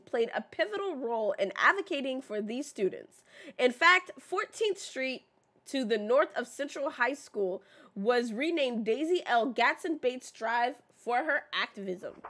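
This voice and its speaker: A woman's voice: sits high, fairly bright tone. A woman streamer chatting casually while playing and reading signs aloud, often stumbling and restarting mid-sentence.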